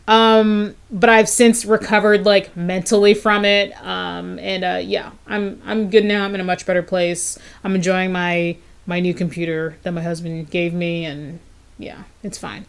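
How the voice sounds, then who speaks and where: Chatty young woman vlogging. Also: mid-range voice. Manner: chatty, laughs often, lots of fillers. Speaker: fitness YouTuber, personal trainer. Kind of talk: casual vlog chat to camera.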